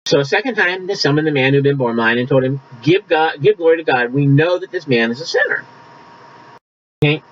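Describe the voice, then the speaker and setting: Lively, slightly raised male preacher. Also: on the high side, a little fast, highs cut off. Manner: conversational preaching with scripture reading, coughs at times. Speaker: pastor. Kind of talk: sermon.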